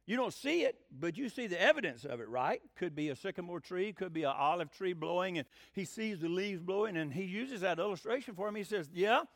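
A man's voice: high-pitched, expressive, fairly quick, hardly any pauses, no echo, studio quality. A middle-aged man, a pastor teaching a Bible lesson in an emphatic sermon style and asking the congregation questions.

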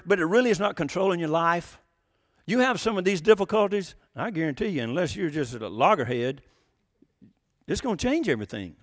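Guy preaching, folksy and chatty, lotta questions to the crowd, voice on the higher side. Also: fairly bright tone, big-room sound. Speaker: pastor. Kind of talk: sermon.

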